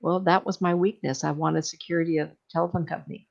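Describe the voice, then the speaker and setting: A woman's voice: fairly low pitch, steady tone, quick pace, creaky, a little mellow. A woman in her sixties, a psychic giving a casual, rambling talk full of stories and laughter. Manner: rambling, anecdotal, laughs often. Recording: dull lo-fi sound.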